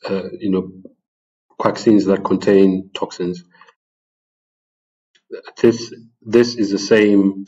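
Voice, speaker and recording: A man presenting an unscripted talk over slides, halting often with ums and restarting his sentences. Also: low-pitched, dark tone, highs cut off. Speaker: presenter of a religious channel.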